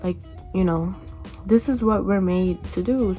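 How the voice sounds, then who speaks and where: A young woman in her twenties tells a personal story to her channel, casual and chatty. Her voice sits at a middle pitch, and she slips into a higher voice to quote other people. Faint music plays softly underneath. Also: a little slow. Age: 20s. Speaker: vlogger. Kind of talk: storytime vlog.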